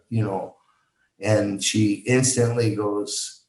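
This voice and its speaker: A man guest on a podcast, slowly retelling a deeply personal story with halting restarts and quoted dialogue. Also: little pitch movement, darkish tone, roomy sound, low-quality recording.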